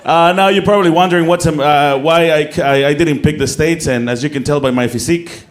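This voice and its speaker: A man's voice: on the high side, brisk. A man with a Mexican accent performing a self-mocking stand-up set on a comedy club stage, stumbling over restarts and laughing at his own jokes.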